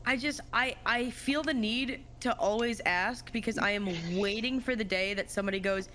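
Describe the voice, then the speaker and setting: A woman's voice: fairly high pitch, moderate pace, few pauses, fairly bright tone, slight background noise. A woman chatting casually and playfully on a podcast, laughing often. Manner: giggly and playful. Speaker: podcast guest.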